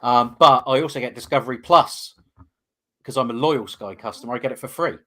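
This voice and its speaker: A man's voice: mid-range voice, fairly quick, a bit bright. A man co-hosting a casual fan podcast, rambling and enthusiastic with lots of fillers. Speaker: podcast co-host.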